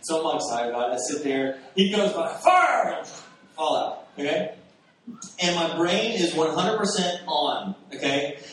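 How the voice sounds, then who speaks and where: His fairly high voice echoing through the church sanctuary, a Texas pastor tells sermon stories at normal speed, casual and animated, frequently laughing and acting out his own astonished reactions. A faint hiss sits behind him, and he seems a bit far from the mic.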